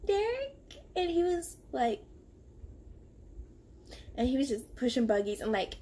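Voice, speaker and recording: A woman's voice: a little high, a little slow, breathy edge. A young woman casually telling a story from her own past, acting out the lines of the people in it. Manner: animated and confrontational, acting out quoted lines. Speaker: storyteller vlogger.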